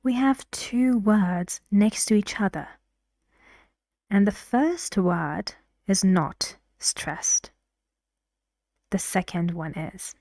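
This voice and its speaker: A woman's voice: medium pitch, animated, very slow, pauses often, darkish tone, no echo, studio quality. A woman teaching an English pronunciation lesson, explaining stress rules patiently with examples.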